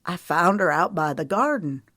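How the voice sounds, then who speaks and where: Gentle earnest young farmer, read by a woman, slow delivery, dry close sound. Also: on the low side, expressive, no echo.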